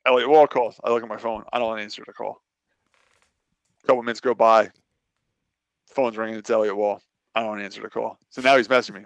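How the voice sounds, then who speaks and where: Gravelly, fast-talking man telling a story. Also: fairly low pitch, fairly even intonation, no room sound, muffled recording. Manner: rambling, self-interrupting, recounts his own conversations. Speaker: local racer, regular guest. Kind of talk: casual podcast storytelling.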